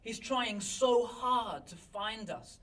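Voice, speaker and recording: A pastor telling a story in a sermon, animated and self-mocking, recorded in a church. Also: male voice, sits high, slow pace, far from the mic, low-quality recording. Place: church hall.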